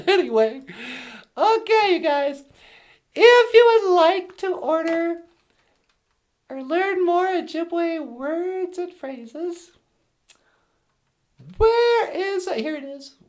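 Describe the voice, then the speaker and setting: Woman hosting a goofy little show, high voice, takes her time, chatty. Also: expressive, extremely slow, long pauses. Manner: chatty, playful, fond of fillers. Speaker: host. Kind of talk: casual comedy show hosting.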